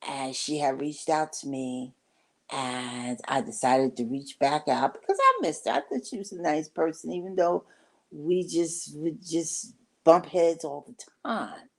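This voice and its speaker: Low-voiced woman telling a rambling story. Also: lively intonation, a little slow, vocal fry. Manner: rambling, conversational, acts out quoted talk. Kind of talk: casual storytelling to camera.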